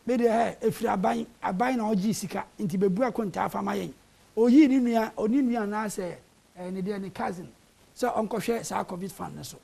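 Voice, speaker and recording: Raspy gravelly-voiced studio debater. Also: mid-range voice, moderate pace, warm tone. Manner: argumentative, mixing Twi and English. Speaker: panel guest. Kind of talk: heated political debate. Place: television studio.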